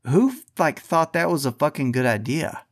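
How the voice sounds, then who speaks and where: A man's voice: on the high side, lively intonation, moderate pace. Profane, heated man ranting. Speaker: podcast host. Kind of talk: ranting podcast monologue.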